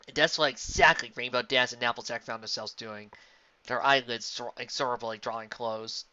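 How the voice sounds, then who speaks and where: A man reading a fan fiction story aloud with animated narration. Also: mid-range voice, a little fast, dull audio. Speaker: audiobook reader.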